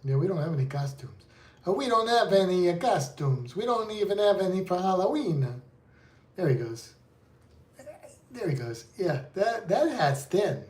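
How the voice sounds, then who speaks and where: A man's voice: sits high, very animated, moderate pace, darkish tone, roomy sound. A man co-hosting a casual livestream chat at home, playful and coaxing his pet along. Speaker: co-host.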